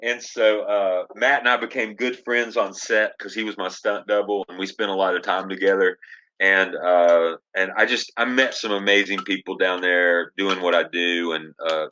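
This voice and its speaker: A man who works as an actor, telling stories as a podcast guest in a casual, animated way and acting out the lines of the people he quotes. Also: sits low, moderate pace, highs cut off. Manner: animated storyteller, acts out quoted dialogue. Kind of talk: casual storytelling interview.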